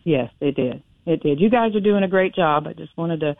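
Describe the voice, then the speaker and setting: A woman calling in to a radio talk show, telling a personal story in a chatty, animated way. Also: low voice, normal speed, dry recording. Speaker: caller. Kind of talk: phone-in storytelling. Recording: tinny phone line.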